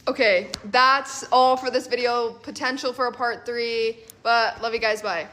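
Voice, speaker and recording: A woman's voice: a little high, steady tone, a little slow, sharp tone. A young woman, the daughter hosting the video, chiming in casually and giggling. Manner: giggly, interjecting. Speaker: daughter and channel host. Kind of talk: casual storytime chat.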